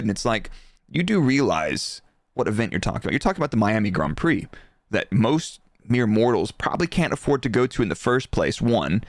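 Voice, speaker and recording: A man's voice: medium pitch, brisk, dry recording. Chatty man on a dry podcast mic. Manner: relaxed, chatty, laughs easily. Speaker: podcast co-host, former F1 engineer. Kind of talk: casual podcast chat.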